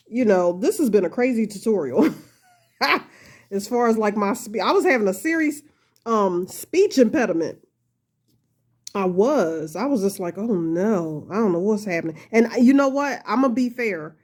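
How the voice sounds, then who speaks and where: A chatty woman with a slightly high, somewhat mellow voice hosts a casual crochet tutorial, talking viewers through it. She laughs often, pokes fun at herself, and calls her audience "y'all."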